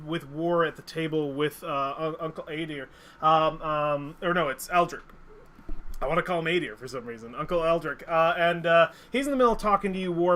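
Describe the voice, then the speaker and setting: Bright-voiced man running a tabletop game. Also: fairly high pitch. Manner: loose, laughing, many fillers. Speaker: game master.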